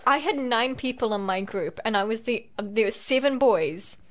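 Teenage New girl, bubbly casual chat, higher voice, acts out quotes. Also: normal speed. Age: teens. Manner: animated storytelling, acts out quotes in squeaky voices. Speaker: student.

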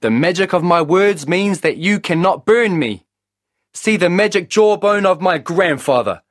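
A man's voice: high-pitched, animated, unhurried, dry recording, clean studio sound, pitched above the performer's own voice. A man voicing a bold young male trickster hero in a storybook, earnest and grand.

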